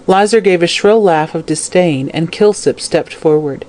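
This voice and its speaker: A narrator reading a classic crime novel aloud in a steady, scripted audiobook style. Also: medium pitch, normal speed.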